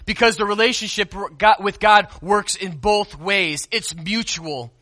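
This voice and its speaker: A man preaching a conversational sermon as pastor, stressing key words and moving between loud and soft. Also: on the high side, animated, moderate pace. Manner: conversational preaching with call-and-response.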